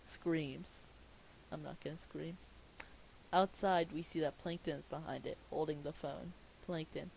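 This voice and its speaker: Reading a cartoon film script as a comedy bit, this man speaks in a gravelly, somewhat high voice with fairly even intonation and a slightly slow pace. He reads out the stage directions and sometimes pauses to question the script. The audio is poor, with faint hiss behind.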